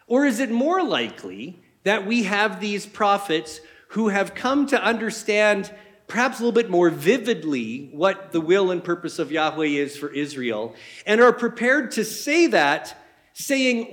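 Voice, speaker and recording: A man's voice: high voice, sing-song, measured pace, a bit bright. A man preaching a sermon in a conversational way, asking his listeners many rhetorical questions.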